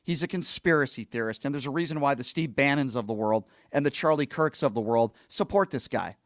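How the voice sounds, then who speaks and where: A man's voice: medium pitch, a little fast, no room sound, studio quality. A middle-aged man hosting a show, recounting a story in a blunt, indignant, casual monologue and acting out the lines he quotes. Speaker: host.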